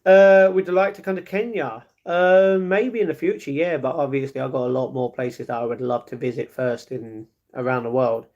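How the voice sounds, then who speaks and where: Young man with a London accent, a fast, chatty live streamer with mid-range pitch, lots of fillers. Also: steady tone, a little mellow, muffled recording. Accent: London English. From England. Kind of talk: reading and answering live chat.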